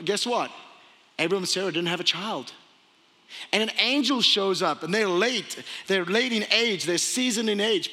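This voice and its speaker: Preacher, male, high bright voice, animated delivery, echoing hall. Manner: animated, acts out quoted voices. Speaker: pastor. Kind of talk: sermon.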